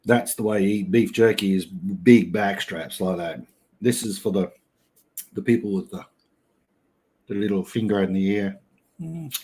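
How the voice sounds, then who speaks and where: Laid-back Australian bloke chatting live. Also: male voice, fairly low pitch, measured pace, long pauses, darkish tone, husky. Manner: laid-back, laughs often, blokey slang. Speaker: livestream host reading chat. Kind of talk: casual live chat.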